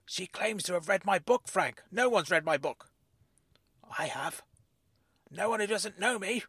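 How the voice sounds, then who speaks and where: A man voicing an eager, chatty freelance reporter in an audiobook, talking in an animated, jovial and theatrical way. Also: high voice, normal speed, breathy edge, no room sound, studio quality, voice pushed up, full character voice. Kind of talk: audiobook character voice.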